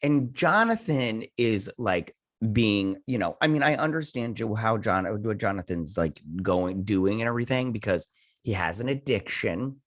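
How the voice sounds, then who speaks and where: A man's voice: fairly low pitch, lively intonation, moderate pace. A man giving a casual, rambling recap and review of a TV episode, with lots of false starts and fillers. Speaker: TV show reviewer.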